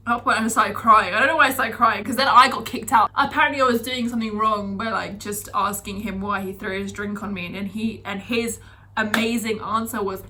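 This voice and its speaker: A woman's voice: on the high side, a little fast, slight background noise. A young woman from the UK telling stories from her year abroad in a chatty vlog style, full of fillers. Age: young adult. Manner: chatty, animated, lots of fillers. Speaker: vlogger. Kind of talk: casual storytelling.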